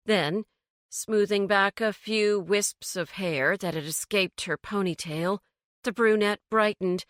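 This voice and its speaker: A woman narrating a cozy mystery audiobook in a measured, storytelling manner. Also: mid-range voice, fairly bright tone, dry recording, studio quality.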